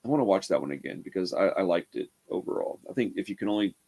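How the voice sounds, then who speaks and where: A man's voice: deep voice, expressive, quick pace, creaky, dark tone, breathy edge. A man giving a casual, rambling horror movie review, laid-back and full of "man" and "dude".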